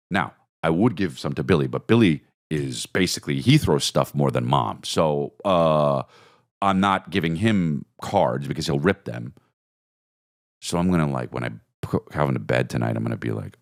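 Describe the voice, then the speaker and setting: A man in his forties, a podcast host telling a casual comedic story about his kids, with sudden high-pitched bursts and lots of swearing. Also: expressive, moderate pace, vocal fry, no room sound, studio quality.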